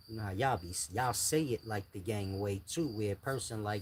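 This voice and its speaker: An older man lectures his viewers in blunt street slang. His voice sits low. Crickets and insects chirp faintly in the background. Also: moderate pace, hardly any pauses, a little hiss or hum. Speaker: channel host giving advice. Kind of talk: casual monologue to viewers.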